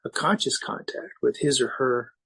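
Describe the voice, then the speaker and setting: A middle-aged man with a somewhat husky voice tells his recovery story to a meeting. He speaks candidly and haltingly, often starting a phrase over. His pitch sits in the ordinary middle range for a man. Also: lively intonation, a bit bright, low-quality recording. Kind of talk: personal recovery share.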